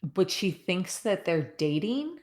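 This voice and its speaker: A woman co-hosting a podcast, asking relaxed questions about reality TV characters and laughing easily. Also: fairly low pitch, takes it slowly. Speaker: podcast co-host. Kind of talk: casual reality TV recap chat.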